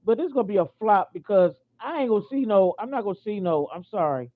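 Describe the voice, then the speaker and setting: A woman's voice: medium pitch, expressive, fast. An American woman ranting in a casual vlog, indignant and repetitive, stopping and restarting her sentences with lots of fillers. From United States. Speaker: vlogger. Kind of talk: casual opinion rant. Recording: tinny phone-like audio.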